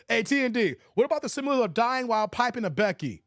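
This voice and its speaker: A man hosting a livestream who talks about movies in a casual, animated, slangy way. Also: very high-pitched, brisk, no echo, studio quality. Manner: animated, slangy, laughs often. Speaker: livestream host.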